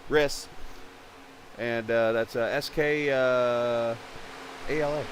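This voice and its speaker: A man commentating a virtual stock car race live, chatting with viewers and getting excited when cars run into trouble on pit road. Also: medium pitch, slow, slight background noise. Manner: chatty, reads viewer chat, gets excited at incidents.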